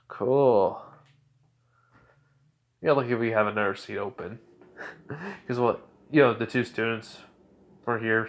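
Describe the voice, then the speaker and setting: A man's voice: fairly low pitch, dull audio. A man casually narrating a made-up story, rambling and leaning on fillers like "basically" and "like".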